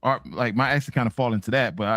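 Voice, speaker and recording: A laid-back, joking man in his forties with a Miami accent, talking in a casual podcast debate. His voice is mid-pitched and the sound is dry and close. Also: fast, fairly bright tone, no room sound. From Miami, United States. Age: 40s.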